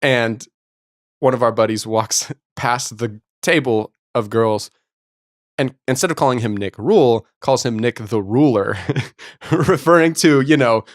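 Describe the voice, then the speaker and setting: A man co-hosting a podcast, telling quick teasing stories with lots of laughter. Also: mid-range voice, no echo, studio quality. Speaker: podcast co-host. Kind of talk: casual chat.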